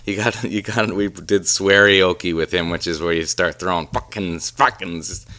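A man's voice: sits low, steady tone, sharp tone. A man co-hosting a podcast, chatting casually, agreeing often and stumbling over restarts. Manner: agreeable, quick backchannels, stammering restarts. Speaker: podcast co-host. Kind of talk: casual chat.

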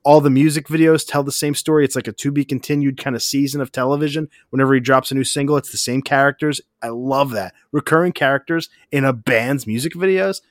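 Brief: male podcast co-host, mid pitch, swears a lot and gushes with enthusiasm, dry close mic. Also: quick pace, hardly any pauses, no room sound. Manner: profane, enthusiastic, rambling. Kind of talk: casual podcast chat.

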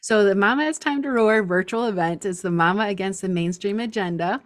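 A woman's voice: medium pitch, a little fast. A woman guesting on a podcast as a Christian business coach, telling her story with eager, faith-filled enthusiasm. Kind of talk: casual interview chat.

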